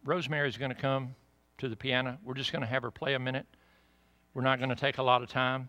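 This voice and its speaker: A middle-aged man with a Southern US accent preaching a sermon in church, building to loud emphatic peaks and dropping to quiet, conversational asides. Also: medium pitch, level tone, fast talker. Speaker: pastor.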